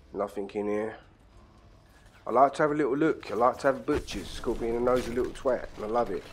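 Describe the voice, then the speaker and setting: A man giving crude, profane commentary while playing a game, full of excitable banter and sudden shouts. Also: medium pitch. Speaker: gaming channel host. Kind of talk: profane casual gameplay commentary.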